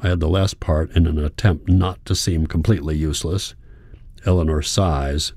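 A man with a very low voice reads a first-person story in a calm, measured way. The recording is dry and close, with no room sound. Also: vocal fry, no echo. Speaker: audiobook narrator. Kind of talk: scripted first-person narration.

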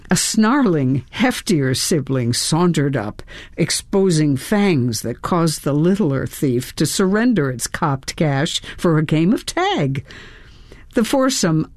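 A woman narrating her memoir in an expressive reading style, her voice rising sharply at vivid moments. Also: no echo, clean studio sound. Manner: expressive, with sudden lifts in pitch.

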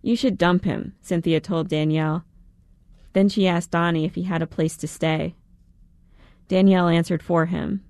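A woman narrating a first-person story in a measured, reflective manner. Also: fairly low pitch, flat delivery, a little mellow, no echo, clean studio sound. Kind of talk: audiobook narration.

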